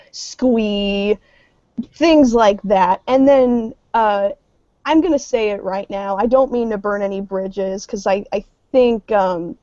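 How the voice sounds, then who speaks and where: A woman's voice: medium pitch, dark tone, dry recording. Rambling sarcastic woman podcaster, muffled. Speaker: podcast co-host. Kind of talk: casual chat.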